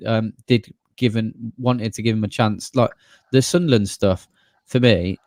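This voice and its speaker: A man, co-hosting a live football watchalong, talking quickly and rambling. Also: fairly low pitch, fairly even intonation, darkish tone, no echo, studio quality. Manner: chatty, quick, rambling with restarts. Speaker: fan channel co-host. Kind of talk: live match watchalong chat.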